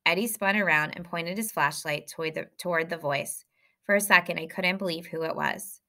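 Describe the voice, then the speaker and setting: A woman reading a novel aloud, telling a lively first-person story. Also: fairly low pitch, fairly quick. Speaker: audiobook reader.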